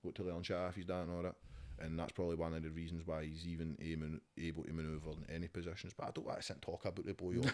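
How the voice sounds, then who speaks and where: A man's voice: low-pitched, flat delivery, racing, hardly any pauses, darkish tone. A Scottish rapper, a man guesting on a casual podcast at home, talking bluntly and with a lot of swearing. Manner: profane, blunt, ranting. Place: his home.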